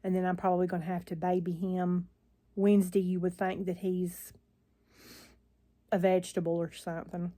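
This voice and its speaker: A woman's voice: lowish voice, little pitch movement, moderate pace, long pauses, warm tone. An older woman vlogging into her phone, chatting in a rambling, weary way with frequent sighs. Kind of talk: casual chat to camera.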